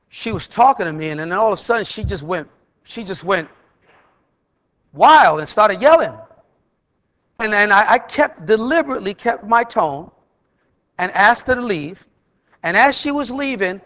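A man preaching a sermon as a minister, halting and repeating words as he reads scripture slowly. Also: high-pitched, fairly bright tone.

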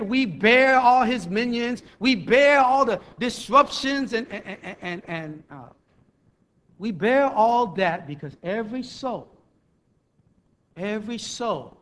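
A man preaching a sermon as a minister, halting and repeating words as he reads scripture slowly. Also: high-pitched, fairly bright tone.

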